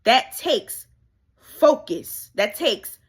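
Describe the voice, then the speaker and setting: A woman's voice: a little high, very animated, extremely slow, breathy edge. A woman life coach speaking casually and emphatically to viewers, repeating key phrases and drawing on her faith. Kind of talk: candid motivational monologue.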